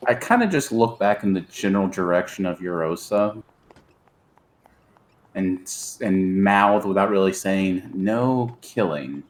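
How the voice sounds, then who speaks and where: Low-voiced man playing a tabletop game. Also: measured pace. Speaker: player. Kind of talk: casual tabletop role-play over voice chat.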